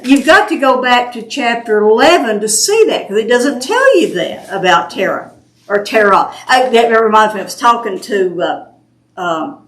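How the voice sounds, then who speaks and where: A woman with an East Tennessee Southern accent leading a small group Bible study, chatty and patient, laughing easily. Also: medium pitch. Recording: roomy home recording.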